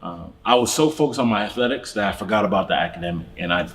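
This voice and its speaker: A pastor telling his story in a casual church talk show, animated and laughing often. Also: on the low side, fast.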